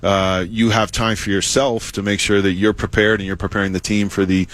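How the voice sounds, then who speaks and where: Deep voiced coach guy, answers slow and steady, lots of you know and uh. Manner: measured, fills pauses with "you know" and "uh". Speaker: hockey head coach. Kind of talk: interview answers.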